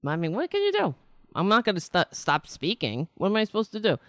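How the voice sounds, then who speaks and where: A middle-aged woman hosting a political talk stream, rambling candidly with restarts and wry asides, her voice slightly raspy. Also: mid-range voice, huge pitch swings, fairly quick, fairly bright tone, no room sound, studio quality. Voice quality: raspy, nasal-edged voice she calls a rake on a chalkboard. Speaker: political talk show host. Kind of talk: casual live-stream monologue.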